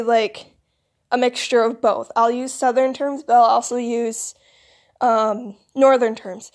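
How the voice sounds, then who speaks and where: A woman's voice: fairly high pitch, darkish tone. A teenage girl rambling casually to camera, with plenty of "like" and "you know". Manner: filler-heavy, rambling, lots of "like". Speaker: vlogger.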